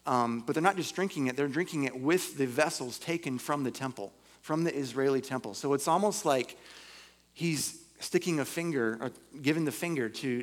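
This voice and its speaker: Man preaching and reading scripture aloud. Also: mid-range voice. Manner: reads scripture aloud, then explains it in plain conversational terms; casual fillers between passages. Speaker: pastor.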